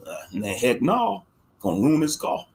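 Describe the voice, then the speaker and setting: A man's voice: mid-range voice, huge pitch swings, moderate pace, vocal fry. Easygoing man chatting on a livestream. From Louisiana. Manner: easygoing, chatty and rambling, laughs often. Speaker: livestream host. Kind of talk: casual live-stream chat.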